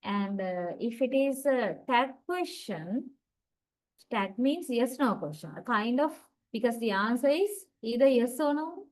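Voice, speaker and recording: A woman's voice: on the high side, expressive, unhurried, low-quality recording. A woman giving a university lecture, explaining step by step, checking in with "right?" and demonstrating examples aloud. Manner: demonstrates intonation with spoken examples.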